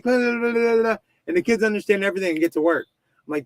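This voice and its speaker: A man's voice: sits high, moderate pace, dry recording, rough recording. A man in his thirties hosting a casual podcast, telling stories in a rambling way with lots of swearing and restarts. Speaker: podcast host. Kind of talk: casual chat.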